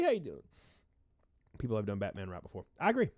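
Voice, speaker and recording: A man's voice: on the high side, animated, fast, no room sound, clean studio sound. Stuffy-nosed man rambling on a livestream. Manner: rambling, reads chat names aloud, shouts out donors. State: stuffy nose, out of breath. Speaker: livestream host. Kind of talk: casual livestream chat.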